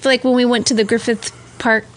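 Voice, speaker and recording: A woman co-hosting a casual podcast, relaxed and reacting with dry humor. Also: fairly high pitch, a little fast. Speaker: co-host. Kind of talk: casual chat.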